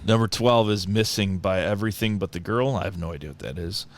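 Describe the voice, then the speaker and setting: A man's voice: low voice, quick pace. A man co-hosting a podcast, reading out a countdown list in casual chat and laughing often. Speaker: podcast co-host.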